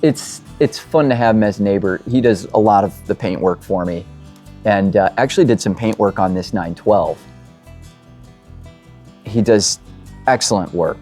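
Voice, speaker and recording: A man's voice: on the low side, moderate pace, pauses often, darkish tone, soft background music. A man working as a mechanic, chatting in a rambling, self-deprecating way as he works on a car in his workshop. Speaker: mechanic and show host. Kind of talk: casual talk while working on a car.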